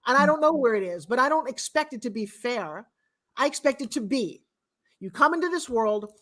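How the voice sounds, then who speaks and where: Middle-aged woman, fairly high voice, blunt and emphatic, casual motivational talk. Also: animated, fairly quick. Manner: blunt and emphatic, with sharp swings in loudness. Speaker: guest speaker and mentor.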